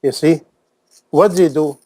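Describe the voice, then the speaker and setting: A man's voice: on the high side, a little slow, mellow, no echo, rough recording. A man preaching a sermon in impassioned, non-native English, repeating phrases and firing off rhetorical questions. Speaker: Islamic preacher.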